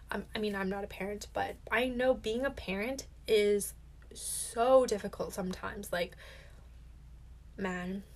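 A young adult woman hosting a self-help podcast, talking candidly and casually, filling her speech with "like" and swearing now and then. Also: mid-range voice. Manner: chatty, heavy use of "like", candid and swears casually. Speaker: podcast host.

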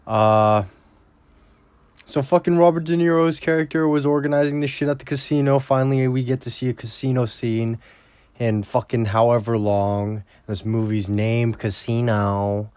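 A man's voice: mid-range voice, fairly even intonation, normal speed, darkish tone, smooth, no echo. A man recapping a movie in a casual, rambling way, blunt and full of swearing. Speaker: movie reviewer.

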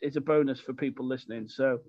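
A man with a Birmingham accent hosting a podcast in a fairly monotone way. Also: medium pitch, quick pace. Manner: self-described monotone. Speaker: podcast host. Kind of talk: casual podcast chat. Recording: dull lo-fi sound.

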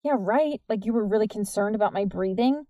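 A woman reading the part of a blunt, skeptical teenage girl with a brisk, dismissive way of talking. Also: mid-range voice, warm tone, dry recording, lo-fi sound, close to an everyday voice.

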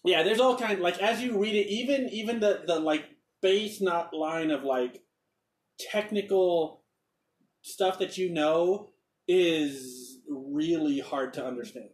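A man's voice: on the high side, takes it slowly, far from the mic. A man narrating as game master in a rambling, hesitant way. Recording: roomy echo, off-mic.

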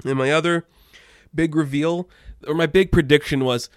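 A man's voice: mid-range voice, steady tone, brisk, a bit bright, smooth, dry recording, studio quality. A man giving casual, opinionated comic book news commentary, rambling a little and laughing often. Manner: rambling asides. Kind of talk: casual pop-culture commentary.

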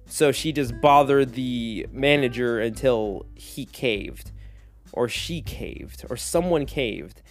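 A man talks on his own podcast in a loose, rambling way, full of fillers and self-deprecating jokes. His voice sits at a middling pitch for a man, and faint music plays underneath. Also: slow pace. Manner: rambling, joking, lots of fillers. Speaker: podcast host. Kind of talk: casual solo podcast talk.

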